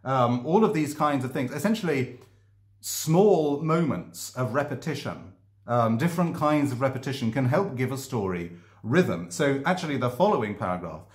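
An author talks to camera about his own writing in a casual explanatory vlog, sounding thoughtful and hesitant with many ums and restarts. His medium-pitched voice is expressive at a moderate pace, and the room is echoey.

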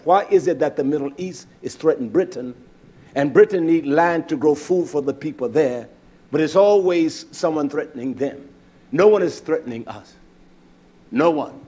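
A man preaching an impassioned sermon, swinging between low muttering and loud outbursts. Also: breathy edge. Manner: acts out bickering voices in his stories. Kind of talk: fiery sermon.

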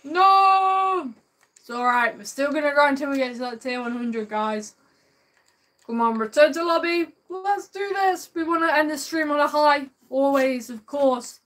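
High-voiced excitable woman streamer. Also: normal speed. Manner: excitable, chats warmly with viewers; drawls a repeated sing-song catchphrase. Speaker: live streamer. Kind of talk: live gameplay commentary.

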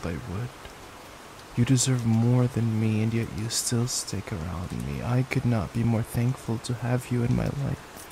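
A young man in a whispered role-play as a boyfriend, gentle, affectionate and reassuring, speaking into a desk microphone at home. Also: medium pitch, unhurried, creaky, background noise. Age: young adult. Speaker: ASMR creator. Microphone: desk microphone at a gaming setup.

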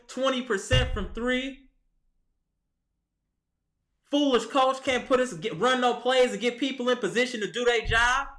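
A sports vlogger with an extremely high, pushed, bright voice gives a heated, exasperated rant about his team's loss, speaking directly to the players. The fan commentary is captured on a camera mic in an echoey room.

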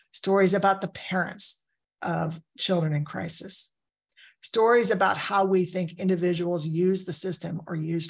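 A woman presenting a training session in a relaxed, conversational way, weaving personal stories into her points. Her voice sits fairly low with a gravelly edge, and there is a husky grain to it throughout. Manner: conversational, storytelling with personal anecdotes. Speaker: crisis care trainer.

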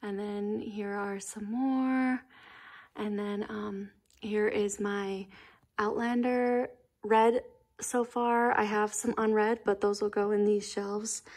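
A woman's voice: medium pitch, flat delivery, slow pace, darkish tone. A young woman chatting casually in a home vlog, giggly and full of fillers. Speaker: book vlogger. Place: home library room.

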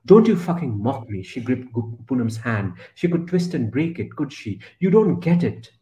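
A man reading a passage from his own novel aloud, then talking about it in a measured, reflective way. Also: mid-range voice, sing-song, warm tone, dull audio. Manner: measured, reflective, with fillers when speaking freely. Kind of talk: literary reading, then conversation.

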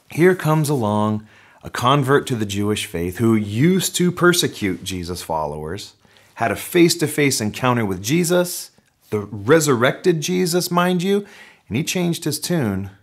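A male pastor preaching a sermon in a lively, conversational way, his voice climbing on the points he stresses. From North America. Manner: animated preaching, pitch rising on emphasis.

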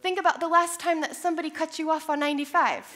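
A young woman preaching a sermon, telling a personal story with animated, self-deprecating humor. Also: sits high, fast. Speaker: church speaker.

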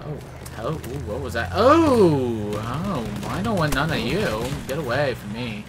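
A man giving live commentary while playing a shooter game, excitable, yelling at enemies and trading mild minced oaths. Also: mid-range voice, measured pace, over music. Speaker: gameplay commentator. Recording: game noise clearly behind voice.

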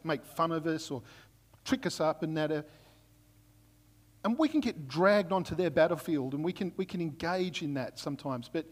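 Male pastor, higher-pitched and chatty, who keeps checking in with the room while he preaches a sermon, heard with a long echo in a church hall. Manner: conversational storytelling, frequent "right?" check-ins.

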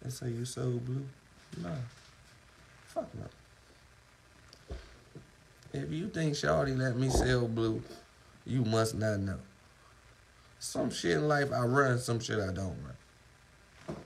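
A man's voice: medium pitch, slow, vocal fry, pauses often, a little hiss or hum, rough recording. A man on a live phone stream, talking loosely with lots of profanity while his dogs are around. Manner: loose, profane street talk. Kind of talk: casual live-stream talk.

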